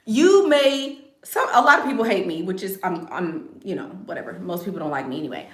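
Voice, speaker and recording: A woman's voice: fairly low pitch, lively intonation, fairly quick, hardly any pauses, fairly bright tone, reverberant. A woman chatting casually on a live stream. She talks bluntly and with confidence, and she repeats her phrases for emphasis. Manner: blunt and self-assured. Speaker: online content creator.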